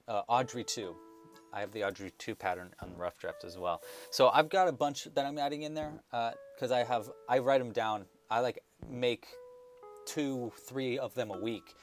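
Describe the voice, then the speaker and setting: A man hosting a casual crochet livestream, chatting loosely with many fillers and restarts and counting stitches aloud under his breath. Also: on the low side.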